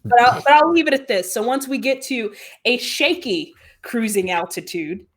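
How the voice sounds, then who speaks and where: A woman guest with a somewhat high voice tells a story in a loose, animated way. She piles on fillers and breaks into laughter as she goes. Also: moderate pace. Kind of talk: casual storytelling.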